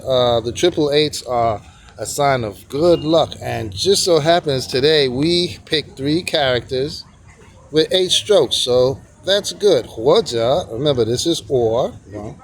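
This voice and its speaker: Slowly and in a mid-range voice, with slight background noise, a man at a streetside sidewalk tea stand rambles through a vlog. He teaches characters casually, counting each stroke aloud.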